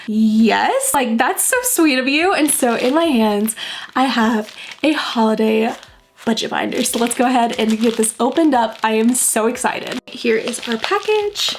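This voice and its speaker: A woman's voice: on the high side, gravelly. A young woman vlogging casually to camera, bubbly and gushing as she talks budgets and unboxes a package.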